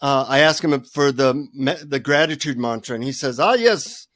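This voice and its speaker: An older man, a guest author, telling a self-deprecating story with lively energy in a radio interview. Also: mid-range voice, normal speed, dry recording, studio quality.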